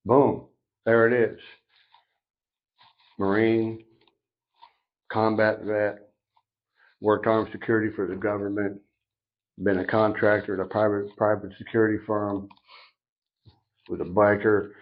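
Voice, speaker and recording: A middle-aged man on a podcast telling a personal recovery story, animated and acting out each side of the dialogue. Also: fairly low pitch, unhurried, long pauses. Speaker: podcast guest. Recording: dull lo-fi sound.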